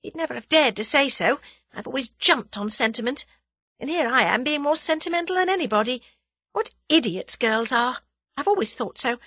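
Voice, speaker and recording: A woman doing a plucky young heroine, high and emotional. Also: expressive, normal speed, bright, forceful tone, dry recording, heavily acted. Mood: self-scolding. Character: spirited young woman, plucky and self-scolding. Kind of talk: audiobook character reading.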